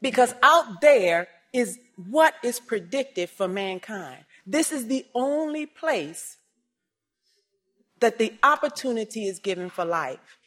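A woman giving a personal testimony, swinging between hushed and raised, emotional storytelling. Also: on the high side, animated, slow.

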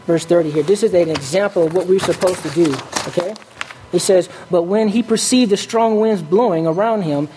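Brief: preacher, mid-pitched, leans on "okay?" checks and fixes his slips as he goes. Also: dark tone, slight background noise. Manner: stops often to ask "okay?", corrects slips aloud. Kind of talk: sermon.

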